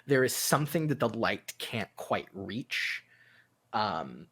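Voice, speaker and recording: Man, game master, tabletop narration, slow, halting, many fillers, mid pitch. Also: a bit bright.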